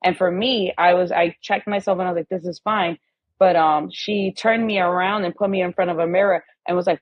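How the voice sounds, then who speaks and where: A woman's voice: lowish voice, normal speed, dry recording, muffled recording. A woman guest on a podcast in casual conversation, telling stories animatedly and acting out the voices of the people in them.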